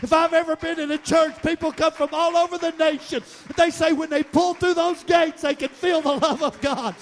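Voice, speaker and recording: A man preaching a fiery sermon, shouting and half-singing his repeated lines. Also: very high-pitched, fairly even intonation, normal speed, slight background noise. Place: church sanctuary.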